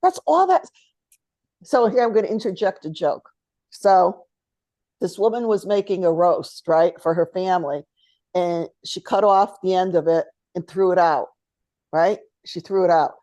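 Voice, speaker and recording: A woman's voice: lowish voice, moderate pace, dark tone, dry recording. A middle-aged woman co-hosting a spiritual talk show, chatting casually and telling stories with a laugh. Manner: storytelling, chatty, laughs often. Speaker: podcast co-host.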